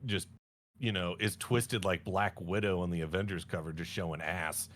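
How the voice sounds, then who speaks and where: A man's voice: sits low, steady tone, normal speed, fairly bright tone. A man co-hosting a casual chat show, rambling through a jokey summary and correcting himself as he goes. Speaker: podcast co-host.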